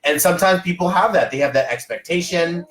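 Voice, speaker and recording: A man hosting a podcast in a casual motivational chat, animated and fond of acting out little scenes. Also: sits high, brisk. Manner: animated, acts out little scenes in other voices. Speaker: podcast host. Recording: roomy echoey sound.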